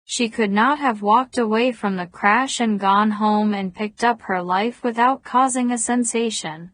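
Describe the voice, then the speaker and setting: A woman narrating a novel as an audiobook in a measured, even reading voice. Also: a little high, dry recording. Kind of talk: scripted narration.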